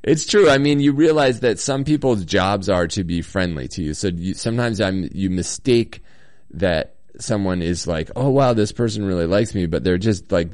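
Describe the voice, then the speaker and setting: A man's voice: sits low, a little mellow, no echo, clean studio sound. A man hosting a casual solo talk show from a hotel room, reading listener comments with a slight cold, rambling with lots of ums and little chuckles.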